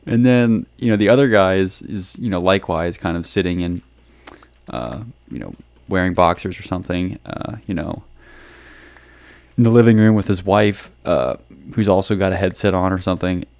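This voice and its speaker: A man's voice: low-pitched, normal speed, gravelly, a little mellow, no room sound. A man hosting a casual monologue, talking loosely with lots of ums, restarts and small chuckles. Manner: hesitant, many ums and restarts, chuckling asides. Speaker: podcast host.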